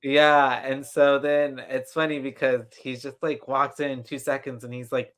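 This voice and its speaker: A man's voice: mid-range voice, level tone, a little slow, hardly any pauses, fairly bright tone. A man co-hosting a podcast over a video call, recapping a horror movie in rambling casual chat with lots of fillers and restarts. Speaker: podcast co-host.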